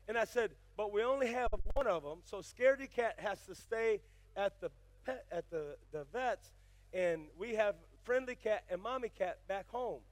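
An older male pastor preaching, moving from folksy storytelling into fiery, shouted exhortation. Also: high-pitched, animated, moderate pace, no echo. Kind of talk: sermon.

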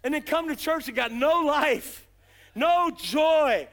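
A middle-aged man preaching a fiery revival sermon, impassioned with shouted bursts and drawn-out emphasis, folksy in his speech. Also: extremely high pitch. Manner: folksy, uses "gotta" and "ain't".

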